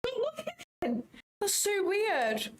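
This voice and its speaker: A young woman hosting a trading livestream, chatty and excitable, swearing casually. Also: very high-pitched, takes it slowly, a little hiss or hum, rough recording. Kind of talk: casual live commentary.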